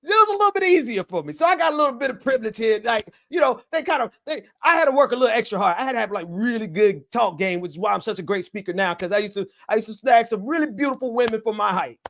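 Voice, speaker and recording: A man's voice: high-pitched, fast, vocal fry, few pauses, a bit bright. A man co-hosting a casual podcast chat, talking in an emphatic, preachy way with jokes mixed in. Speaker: podcast co-host.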